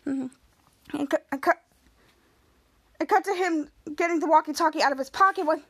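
A woman's voice: high voice, normal speed, a bit bright. A woman podcast host casually recapping a TV episode, rambling and correcting herself as she goes. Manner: rambling, self-correcting retelling.

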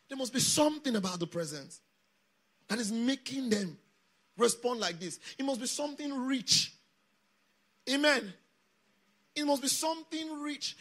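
A man's voice: very high voice, a bit bright. A man preaching a sermon at a camp meeting, emphatic and calling the congregation to read scripture aloud with him. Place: church or camp meeting hall.

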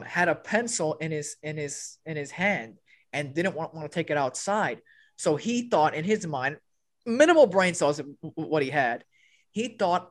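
A young man on a podcast with old school friends, telling a story in casual chat, swearing freely and acting out what other people said. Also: on the high side. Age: young adult. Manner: animated, swearing, acts out other people's lines. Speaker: podcast co-host.

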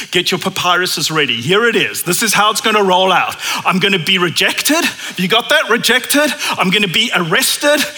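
A man's voice: high-pitched, sharp tone, full character voice. A preacher voicing a blunt, insistent male teacher. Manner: blunt, repeating points insistently. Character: stern male teacher laying out a grim plan.

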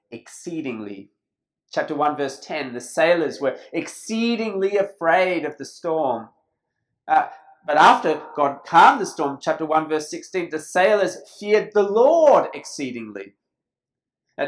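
A preacher giving a sermon in church, with a middle-pitched voice that swings widely up and down. The delivery is emphatic, and the speaker slows right down to stress key phrases. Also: poor audio.

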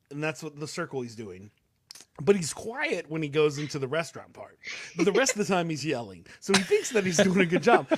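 A man's voice: on the high side, no echo, studio quality. A young man telling a long story on a talk show, casual and rambling, with many fillers and restarts. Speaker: co-host.

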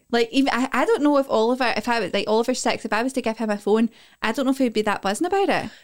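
A woman's voice: fairly high pitch, racing. Chatty woman co-hosting a podcast. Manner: chatty, swearing, laughing often. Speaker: podcast co-host. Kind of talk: casual chat.

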